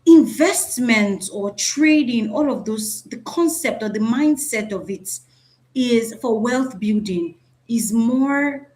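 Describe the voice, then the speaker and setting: A woman's voice: a little high, expressive, slow pace, darkish tone. A woman teaching a live online class over a video call, chatty and often checking in with "right?". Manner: chatty, repeats "right?", asks the audience.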